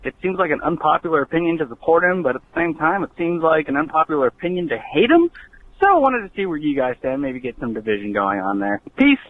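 A man's voice: on the high side, lively intonation, fast, no room sound, natural voice. A man doing a tinny phone-line president impression. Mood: mock-formal. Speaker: caller.

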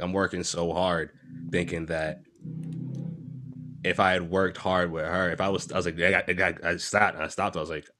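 A man's voice: low-pitched, bright, forceful tone. A man talking openly and casually, rambling a little, swearing and laughing often. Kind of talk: casual podcast chat.

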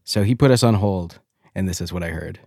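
Low-voiced man telling a story. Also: fairly quick, creaky, darkish tone, no room sound, studio quality. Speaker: podcast host. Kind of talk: storytelling podcast chat.

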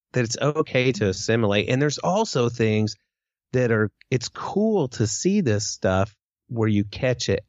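A man's voice: lowish voice, a little mellow, dry recording, lo-fi sound. A man co-hosting a podcast, earnest and rambling, poking fun at himself. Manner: earnest, rambling, self-deprecating. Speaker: podcast co-host. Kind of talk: casual podcast chat.

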